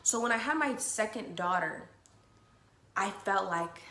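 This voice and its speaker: Candid young woman, bright echoey voice. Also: medium pitch, expressive, unhurried. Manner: candid, emotional, swears freely. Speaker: podcast host. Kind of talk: personal storytelling to listeners. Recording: echoey room with faint noise.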